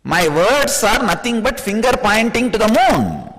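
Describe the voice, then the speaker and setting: Indian-accented male spiritual teacher, high animated delivery, playful and laughing, long reverb of a hall. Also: a little slow. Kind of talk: spiritual discourse.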